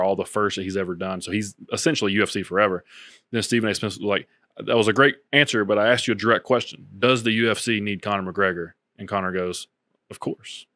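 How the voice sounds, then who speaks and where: A man's voice: on the low side, no echo, studio quality. A man co-hosting a podcast, chatting casually and recapping stories with plenty of filler words. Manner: relaxed storytelling with filler words. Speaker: podcast co-host. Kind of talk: casual chat.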